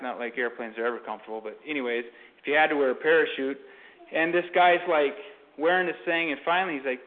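A man's voice: mid-range voice, quick pace. A man telling a parable in a casual sermon, rambling with many fillers and restarts. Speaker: Christian speaker. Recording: tinny phone-like sound.

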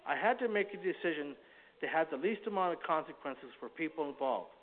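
Man voicing a troubled father, flat rehearsed tone, slightly high voice; tinny phone-like sound. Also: brisk, a little hiss or hum, natural voice. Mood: hollow. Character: troubled middle-aged father confessing quietly.

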